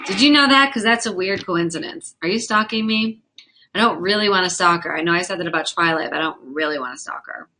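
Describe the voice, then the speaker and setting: In a bright, forceful, mid-range voice, a young woman hosts a livestream as a host and comedian. She's chatty and fast, frank and profane, reacting to her viewers' comments as they come in.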